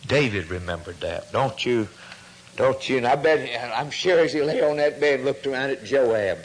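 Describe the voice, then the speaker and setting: A man delivers a sermon in a voice of middle pitch. He is fervent and leans on rhetorical questions. He sinks to hushed, intimate tones for emphasis. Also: expressive, moderate pace, low-quality recording. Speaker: preacher.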